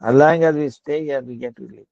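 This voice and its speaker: A man voicing a saintly, compassionate king in a told story, with a gentle, pleading manner. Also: fairly high pitch, fairly even intonation, fairly quick, vocal fry, no room sound. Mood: earnest. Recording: dull lo-fi dry recording.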